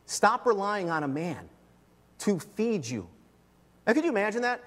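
High-voiced pastor in a reverberant hall. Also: male voice, sing-song, moderate pace. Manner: emphatic, shifts between loud and soft. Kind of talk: sermon. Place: church.

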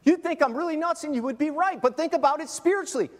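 High-voiced pastor in a reverberant hall. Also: male voice, quick pace. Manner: emphatic, shifts between loud and soft. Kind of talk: sermon. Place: church.

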